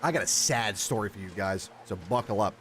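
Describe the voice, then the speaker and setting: A young man livestreams a survival game, chatting casually and rambling with his viewers, swearing a lot and greeting chatters by name. His voice is fairly low, brisk and fairly bright, with faint music in the background.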